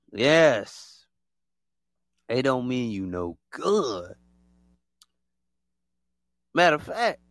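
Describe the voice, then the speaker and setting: A man's voice: medium pitch, a bit bright, dry recording. A man hosting a podcast, talking casually on his own, repeating himself a lot and acting out other people in exaggerated voices. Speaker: podcast host. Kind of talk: casual solo monologue.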